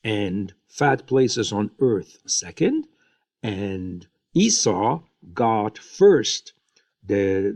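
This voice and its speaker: A man's voice: fairly low pitch, a little mellow. A man teaching a Bible lesson, retelling the story and briefly acting out the quotes, with frequent fillers.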